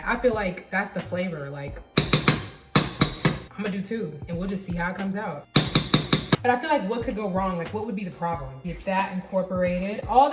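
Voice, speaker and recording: Chatty young woman in an echoey kitchen. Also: mid-range voice. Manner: rambling, candid, lots of "like" fillers. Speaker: cooking vlogger. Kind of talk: casual chat while cooking. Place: home kitchen.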